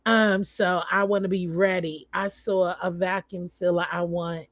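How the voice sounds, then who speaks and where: Slow-talking chatty woman, dry sound. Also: on the low side, steady tone, dry recording. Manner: chatty, rambling, lots of fillers. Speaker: vlogger. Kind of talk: casual live stream chat. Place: home.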